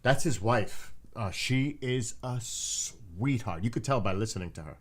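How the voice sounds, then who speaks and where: A man hosting a live stream, chatting casually in an animated, joking way. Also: medium pitch, measured pace, husky. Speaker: stream host.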